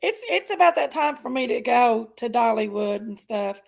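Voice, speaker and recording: A woman hosting a casual live chat, loud and laughing often, her voice hoarse from allergies. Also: a little high, expressive, normal speed. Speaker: livestream host.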